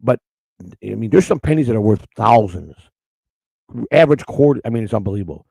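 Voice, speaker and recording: A man co-hosting a morning show, telling stories in loud, outspoken casual chat. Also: lowish voice, a little fast, vocal fry, breathy edge, no echo. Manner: loud, outspoken, animated storyteller.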